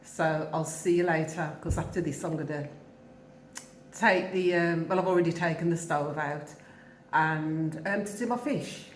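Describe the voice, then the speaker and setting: A low-pitched woman in her fifties, originally from England and speaking with a Wolverhampton accent, talks to camera at a moderate pace while eating. The vlog, filmed at her home in Jamaica, is casual and rambling, full of laughter. There's a roomy sound and slight background noise.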